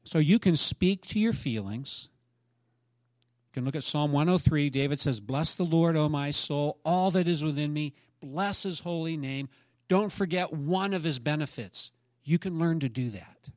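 Middle-aged pastor guy preaching, bit higher voice, swells loud then goes quiet, dry close mic. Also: moderate pace, no room sound. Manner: preacherly, rising to emphatic peaks then dropping soft. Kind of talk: sermon.

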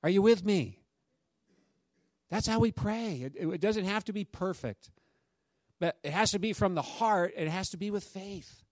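A man's voice: high-pitched, unhurried, pauses often, dry recording. A man preaching a sermon as pastor, telling a story and urging the congregation to respond. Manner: exhorting the congregation, lively call-and-response.

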